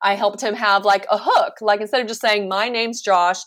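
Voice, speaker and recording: A woman's voice: medium pitch, fairly even intonation, fairly quick, a bit bright. A woman in her forties, a professional speaker, talking animatedly and emphatically as a guest in a casual interview, often laughing.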